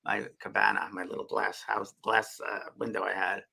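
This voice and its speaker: A man's voice: fairly low pitch, flat delivery, normal speed, vocal fry, bright, forceful tone, husky. A man co-hosting a casual spiritual chat show, musing aloud and often repeating and restarting his words. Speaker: co-host.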